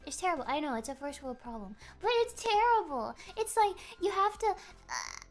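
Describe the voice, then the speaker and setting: A young woman streaming, telling a rambling story in a giggly, animated way. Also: extremely high pitch, moderate pace. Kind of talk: casual chat. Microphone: streaming microphone.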